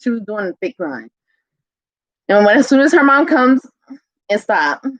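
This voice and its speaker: A woman telling casual home stories, laughing often and switching into a high sing-song voice for a toddler. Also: big pitch swings, measured pace, no echo, poor audio. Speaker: vlogger. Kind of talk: casual chat.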